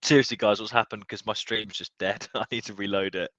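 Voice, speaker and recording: A young man watching a football match live, tipsy, swearing and swinging from low muttering to excited yelling. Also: fairly quick, no echo, dull audio. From United Kingdom. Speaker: football fan streamer.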